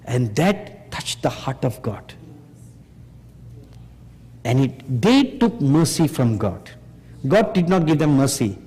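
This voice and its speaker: Slow emphatic male preacher in a hall. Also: mid-range voice, sing-song, darkish tone. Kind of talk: sermon. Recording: long hall reverb.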